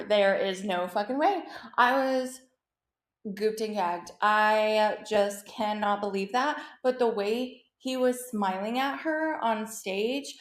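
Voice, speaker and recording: A young woman hosting a podcast, chatting about pop culture in an excitable, gushing way and swearing freely. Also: mid-range voice. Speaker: podcast host. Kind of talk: casual pop culture chat. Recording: roomy echo.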